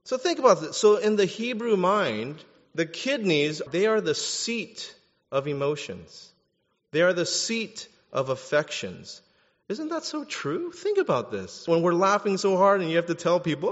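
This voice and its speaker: A man preaching a sermon as pastor, animated and jokey, swinging from quiet asides to loud bursts. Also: high-pitched, unhurried. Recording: dull sound in a reverberant hall.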